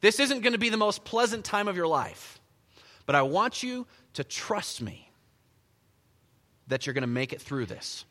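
A bright-voiced preacher putting on a steady, kindly teacher. He speaks with gentle earnestness and sounds reassuring. The lines echo through a spacious sanctuary. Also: sits high, normal speed, long pauses, full character voice. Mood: earnest gentle. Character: Jesus, calm adult man gently warning friends.

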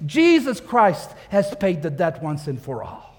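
A man's voice: on the high side, huge pitch swings, a little slow, a little mellow, husky, in a large hall. A man preaching a sermon, emphatic, repeating key phrases and asking rhetorical questions. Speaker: pastor.

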